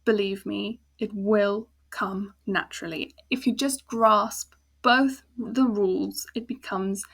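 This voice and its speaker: In a mid-range voice that's gravelly, a bit bright, and husky, this woman teaches language with a South African accent. The lesson is casual, and she takes her time, patiently dividing words into syllables and spelled-out sounds.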